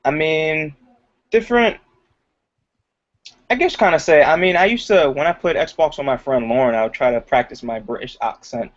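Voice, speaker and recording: A man's voice: a little high, moderate pace. A young man chatting as an interview guest, talking loosely with lots of "like" and "you know" and laughing often. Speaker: guest, aspiring comedian. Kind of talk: casual interview chat. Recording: dull lo-fi audio.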